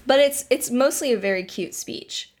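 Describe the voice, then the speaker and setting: A woman with a fairly high voice chats casually about a book she is discussing. She laughs a lot as she retells events. She keeps breaking in with jokey, mock-exasperated comments. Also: moderate pace. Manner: laughs often while retelling; joking, mock-exasperated asides.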